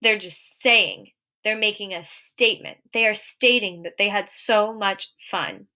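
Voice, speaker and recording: Bright, encouraging woman teacher. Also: mid-range voice. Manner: clear, encouraging, slows to read example sentences aloud. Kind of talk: recorded video lesson for young children.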